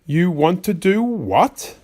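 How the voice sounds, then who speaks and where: A fussy, exasperated white rabbit from a rhyming storybook, put on by a man. He scolds in a sing-song way, his slightly high voice swooping up and down with lively pitch. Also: slow, full character voice.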